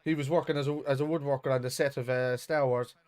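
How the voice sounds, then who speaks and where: A man co-hosting a football watch-along, calling out excited reactions to the play and swearing freely. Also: mid-range voice, quick pace, smooth. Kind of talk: live match watch-along chat.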